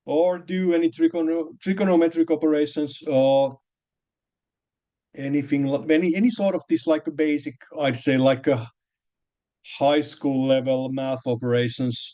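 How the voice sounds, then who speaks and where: A man's voice: mid-range voice, dark tone. Hesitant male lecturer, dull lo-fi sound. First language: Finnish. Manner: hesitant, many restarts and fillers, explains step by step. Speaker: programming lecturer. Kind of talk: recorded programming lesson.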